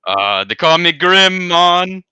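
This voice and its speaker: A man voicing a mellow, ominous skeleton man with a put-on mixed Jamaican and Brazilian accent, drawling and ending lines with "man". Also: high-pitched, sing-song, slow, clear, resonant tone, dry recording, pitched above the performer's own voice, exaggerated voice, low-quality recording. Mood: laid-back.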